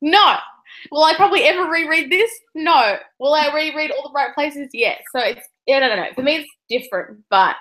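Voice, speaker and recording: A woman's voice: high-pitched, lively intonation, brisk, a bit bright, rough recording. A woman co-hosting a casual book discussion over a video call, emotional and close to tears, rambling with lots of "like". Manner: emotional, tearful, rambling with many likes. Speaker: book club co-host.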